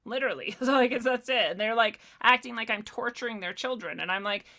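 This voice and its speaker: A woman in her thirties chatting casually on a podcast, animated, laughing and swearing often. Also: on the high side, fast talker. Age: 30s. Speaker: podcast host. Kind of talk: casual chat.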